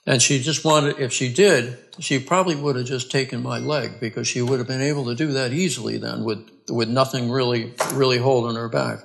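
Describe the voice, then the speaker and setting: Gravelly-voiced man telling a story haltingly. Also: medium pitch, steady tone. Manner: halting, with many restarts and repeated words; earnest and plain-spoken. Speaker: guest telling his survival story. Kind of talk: conversational storytelling.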